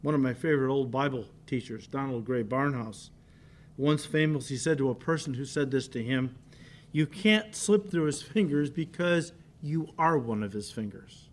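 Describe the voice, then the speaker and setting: A man preaching a sermon as a pastor, animated, often stopping to say "listen" and "okay". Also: medium pitch, normal speed.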